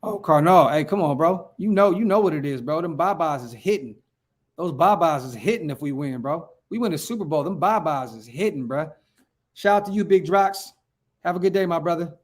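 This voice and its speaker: A hyped man from Northern California hosts a casual fan livestream, reading viewer comments aloud and answering them. His voice sits a little high for a man, and his talk is slangy and full of repeated phrases. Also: expressive, fairly quick. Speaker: fan channel livestream host.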